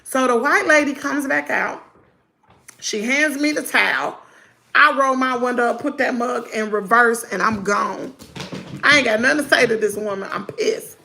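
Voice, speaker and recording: A middle-aged woman, telling her viewers a story in a lively storytime chat. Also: a little high, normal speed, gravelly. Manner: animated, talks to viewers as y'all. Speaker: vlogger.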